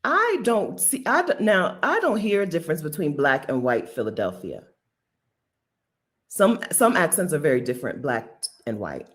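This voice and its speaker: Animated woman in her fifties, laughing. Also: low voice, normal speed. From Delaware. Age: 50s. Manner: animated, emphatic, laughs often. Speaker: host. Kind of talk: casual commentary.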